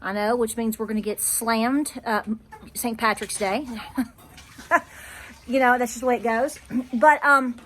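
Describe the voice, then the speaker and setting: A woman's voice: on the high side, fairly even intonation, unhurried, long pauses, a bit bright, a little hiss or hum. A woman, chatting cheerfully as a homestead vlog host while doing chores in a barn. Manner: chatty, cheerful, talks to her animals. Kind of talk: casual vlog chat. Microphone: camera held by a helper.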